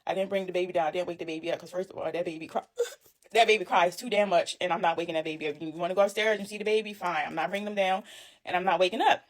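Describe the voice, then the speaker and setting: A woman telling a story about herself in a casual, animated, indignant way, speaking straight to her listeners. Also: lowish voice, racing. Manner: animated, indignant, addresses listeners as y'all and honey. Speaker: storyteller recounting her own experience.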